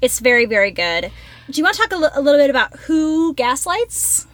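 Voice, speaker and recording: A woman co-hosting a casual podcast chat, retelling a film with lively acted-out quotes. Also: high-pitched, brisk, no room sound. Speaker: podcast co-host.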